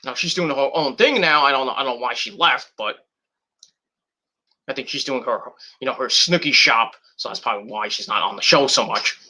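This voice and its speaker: Here a podcast host in his thirties speaks fairly quickly with medium pitch, keeping things casual. He wanders off topic, curses freely, starts over a lot, and occasionally yells.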